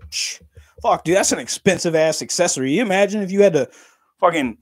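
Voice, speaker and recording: A man's voice: high-pitched, expressive, brisk, husky, dry recording, clean studio sound. Laughing, swearing man chatting to his stream. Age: 30s. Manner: laughs often, swears casually, talks to chat. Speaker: livestreamer. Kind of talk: casual livestream chat.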